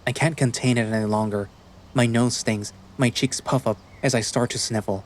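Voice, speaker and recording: A man giving steady, introspective first-person narration of a visual novel. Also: medium pitch, normal speed.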